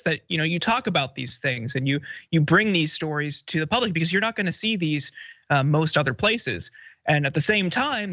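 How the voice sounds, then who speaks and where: A man giving political commentary as a guest, his tone bright and sharp and his pitch slightly raised. He builds his argument in long, measured sentences, and the sound is dry and a little dull. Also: no echo.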